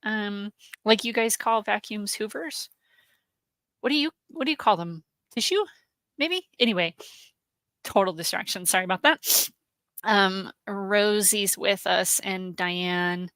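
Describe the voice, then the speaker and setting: A woman hosting a live stream, chatting warmly and greeting viewers by name, with many "um"s, emotional and close to tears. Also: medium pitch, measured pace, no room sound. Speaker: host, genealogy research specialist.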